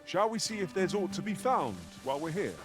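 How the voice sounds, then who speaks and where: A dutiful, courtly companion from a fantasy video game, with a notably high and very animated voice. He speaks in polite old-world turns of phrase. Loud game music sits behind him. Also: a little fast.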